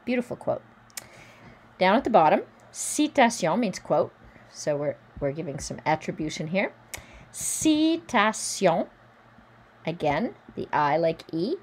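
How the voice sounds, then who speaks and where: A woman teaching French pronunciation, modelling each word slowly and carefully, then explaining the spelling and sounds. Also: sits low, very animated, a little mellow, breathy edge. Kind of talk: pronunciation lesson.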